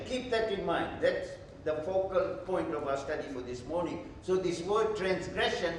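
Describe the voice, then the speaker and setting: A male pastor teaches slowly and emphatically, posing questions and answering them himself. His voice sits high, and it comes from far off in a very echoey church hall with faint room noise. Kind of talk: Bible study teaching.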